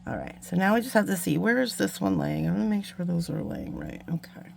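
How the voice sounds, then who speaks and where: Chatty beading lady, bit of gravel in her voice, mutters to herself mid-task, faint hum behind. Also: fairly low pitch, big pitch swings, brisk. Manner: chatty, self-mocking, muttering asides while working. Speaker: beading channel host. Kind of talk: casual craft tutorial chat.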